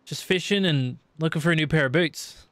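A man's voice: fairly high pitch, brisk, dry recording. An Australian man streaming a survival game, swearing and joking in mock outrage. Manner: lively, swears a lot, jokey mock-outrage. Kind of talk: casual gaming commentary. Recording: game music behind the voice. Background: game music.

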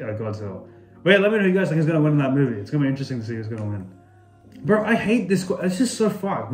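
A man's voice: medium pitch, a little mellow, reverberant. A young man from Australia who chats casually and swears a lot while he answers would-you-rather questions in a vlog. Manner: casual and chatty, swears often, says "bro" a lot. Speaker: YouTuber.

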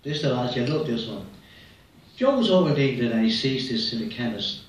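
A comedian tells jokes live, rambling from one story to the next with lively ups and downs in his voice. He slips into small character voices along the way. The sound is echoey and distant, with a noisy hall around him. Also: mid-range voice, fairly quick. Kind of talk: live stand-up joke telling.

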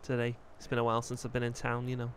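A man's voice: mid-range voice, monotone, rapid-fire, slight background noise, natural voice. A man doing a chatty Scouse medium. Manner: friendly, rambling, mate-and-lad slang. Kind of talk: role-play dialogue in a game.

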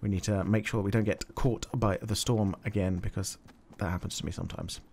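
A man doing jokey game commentary, talking to himself with sudden excited yelps. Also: fairly low pitch, a little fast, vocal fry, slight background noise. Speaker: gaming channel host.

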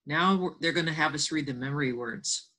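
A woman teacher giving a remote phonics and spelling lesson, slowly sounding out letters and words and encouraging her absent students. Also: sits low, bright, forceful tone.

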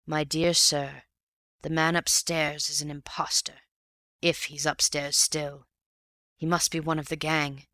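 A man voicing a wounded, exhausted bank manager who talks in weak, halting phrases. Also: fairly high pitch, flat delivery, sharp tone, no echo, studio quality. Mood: grim.

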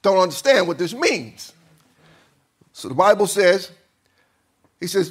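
A man's voice: sits high, very animated, a little slow, slightly rough. A man preaching a sermon as pastor, acting out a king's confused voice and talking back and forth with his congregation.

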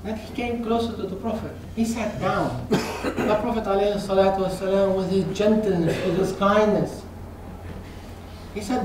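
High-voiced preacher in an echoey mosque. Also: male voice, fairly even intonation, brisk, noisy background. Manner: switches between Arabic recitation and English explanation, emphatic. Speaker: imam giving Friday sermon. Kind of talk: sermon. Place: mosque prayer hall. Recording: very echoey hall, mic far off.

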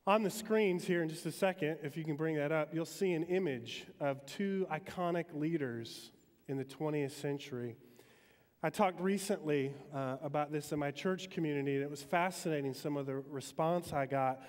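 A man from Metro Detroit giving a relaxed, conversational sermon as a chapel speaker at a university, with frequent ums. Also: a little high, moderate pace. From Metro Detroit, Michigan, US. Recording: long hall reverb.

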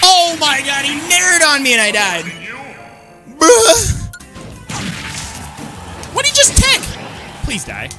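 A woman commenting on her own gameplay, excitable and slangy, often yelling at the screen. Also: high voice, slow pace, pauses often. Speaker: gaming channel host. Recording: loud game music behind voice. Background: game music.

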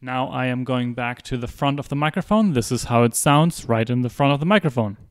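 A man's voice: medium pitch, normal speed, clear, resonant tone. A man methodically demonstrating microphones indoors, narrating each step as he talks into handheld and desk mics from changing distances. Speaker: video creator testing microphones. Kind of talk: explanatory gear demonstration. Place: indoor room.

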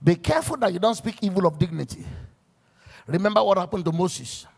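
A male pastor preaching to his church workers with a high, husky voice. His tone is gravelly and rough-edged. He drives his points home emphatically, trading stories for scripture. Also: expressive, fairly quick.

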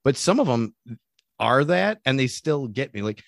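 A man's voice: mid-range voice, normal speed, gravelly, no room sound, clean studio sound. A man co-hosting a podcast in casual chat, telling stories with lots of laughter. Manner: animated storytelling, frequent laughs. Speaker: podcast co-host.

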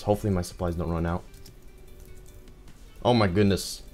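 A young man giving excitable live commentary over his own gameplay, full of exclamations and fillers. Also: low voice, measured pace, pauses often, soft background music.

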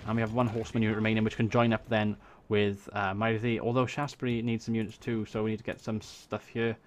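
Low-voiced Welsh man planning game moves. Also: flat delivery, quick pace. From Wales. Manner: casual, thinks aloud, swears when surprised. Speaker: gaming YouTuber. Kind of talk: strategy game commentary. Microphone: desk USB microphone.

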